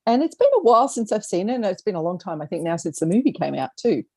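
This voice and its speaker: A woman, chatting eagerly on a video call, with many pauses and fillers. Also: mid-range voice, big pitch swings, dark tone, breathy edge, no echo. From Australia. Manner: enthusiastic, halting, laughs often. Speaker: co-host. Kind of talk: casual chat on a video call.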